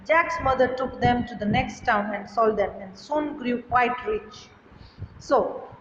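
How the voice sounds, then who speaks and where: A woman's voice: on the high side, background noise. A woman teacher reading a story aloud and explaining it, reading a line and then paraphrasing it in simple words, recorded in an echoey hall with dull lo-fi sound.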